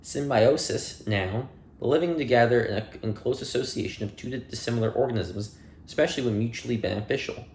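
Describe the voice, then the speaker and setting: A man's voice: medium pitch, a little fast, a little mellow, slight background noise. Man reading a dictionary, echoey room. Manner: plain reading with dry asides and playful slips. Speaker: audiobook reader. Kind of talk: reading dictionary entries aloud.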